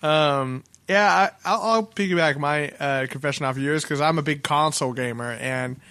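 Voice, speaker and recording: A man's voice: fairly high pitch, normal speed, bright, forceful tone, no echo. A man hosting a podcast in casual chat, joking and loose. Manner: joking, loose, laughs often. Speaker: podcast host.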